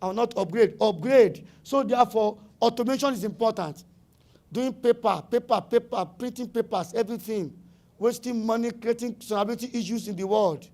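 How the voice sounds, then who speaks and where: High-voiced Nigerian man lecturing emphatically. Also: brisk, darkish tone. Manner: emphatic and repetitive, drops into pidgin phrases. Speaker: summit speaker. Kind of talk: animated conference talk.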